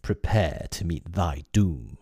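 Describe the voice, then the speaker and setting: A menacing old pirate captain, as a man reads him, low and dark in tone. He speaks slowly and in a hush that slips into whispers, in a dry, close storybook reading. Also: sing-song, husky, no echo, full character voice.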